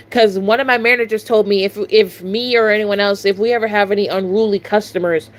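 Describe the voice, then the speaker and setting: A woman's voice: medium pitch, steady tone, normal speed. A young woman vlogger, telling a storytime in casual, profane, exasperated chat.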